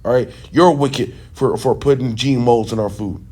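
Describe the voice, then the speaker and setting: A man's voice: medium pitch, normal speed, darkish tone, slightly rough. Man in a middle voice, loose sit-down teaching, checks in with the listener often, runs heated and scornful. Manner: talks loosely, checks in with "right?" and "okay?". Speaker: religious teacher.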